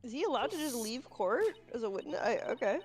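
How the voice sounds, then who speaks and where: A woman's voice: fairly high pitch, expressive, fast talker, darkish tone, husky, distant mic, soft background music. A woman playing a game with friends, making playful, teasing asides. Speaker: co-player. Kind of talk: casual gameplay banter.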